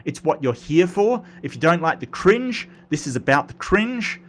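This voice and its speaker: A man's voice: on the high side, big pitch swings, moderate pace, fairly bright tone, a little hiss or hum. An Australian man hosting a live stream, chatting casually and answering comments with lots of fillers and restarts. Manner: rambling, many fillers and restarts, playful. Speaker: livestream host.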